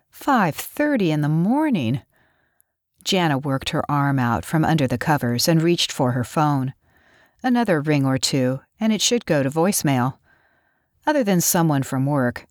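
A woman giving measured, expressive audiobook narration. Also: low-pitched, no echo, studio quality.

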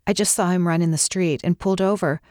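Woman narrator doing a caring young woman, higher pleading earnest voice, dry close sound. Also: fairly even intonation, quick pace, darkish tone, no echo, close to an everyday voice.

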